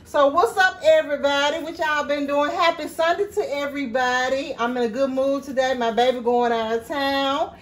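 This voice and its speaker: A woman's voice: sits high, steady tone, normal speed, few pauses, a little hiss or hum. Chatty woman cooking, talking to viewers. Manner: chatty, addresses viewers as y'all, laughs easily. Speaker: cooking vlogger. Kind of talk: casual cooking vlog chat. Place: home kitchen.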